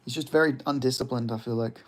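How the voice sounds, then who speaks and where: A man's voice: mid-range voice, steady tone, quick pace. A young man hosting a livestream, reading chat and chatting loosely, laughing and swearing freely. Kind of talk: casual stream chat.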